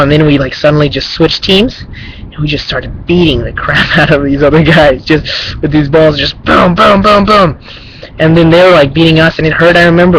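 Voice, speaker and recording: A young man telling a rambling, animated story to his brother in a casual spoken message, full of fillers and sound effects. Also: on the high side, a little hiss or hum, low-quality recording. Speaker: vlogger addressing his twin brother.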